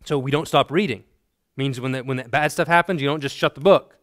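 A man's voice: medium pitch, fairly quick, dry recording, clean studio sound. A man teaching a classroom theology lesson in a conversational, emphatic way, checking in with his students.

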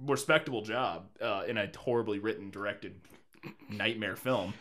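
A man's voice: fairly low pitch, moderate pace, a bit bright. A man co-hosting a casual movie review podcast, rambling, swearing and laughing as he talks. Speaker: podcast co-host.

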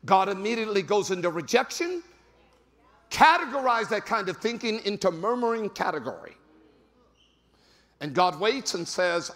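A male pastor preaching a sermon, repeating phrases and breaking into sudden shouts for emphasis. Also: high voice, big pitch swings, moderate pace, pauses often. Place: large church sanctuary. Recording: long hall reverb.

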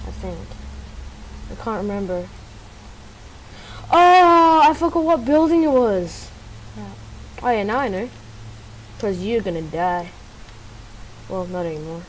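A woman giving casual gameplay commentary while playing with a friend, bursting into loud exclamations between muttered asides. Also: a little high, a little hiss or hum, rough recording.

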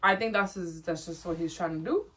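A woman's voice: fairly low pitch, a little fast, fairly bright tone. A young woman from Rhode Island hosting a music reaction chat, slangy and rambling with frequent restarts. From Rhode Island, USA. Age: young adult. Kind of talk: casual chat.

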